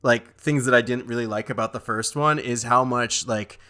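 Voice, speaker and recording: A man co-hosting a podcast, chatting casually in an animated, joking, mocking way. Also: medium pitch. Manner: animated, joking, quick to mock. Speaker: podcast co-host. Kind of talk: casual chat.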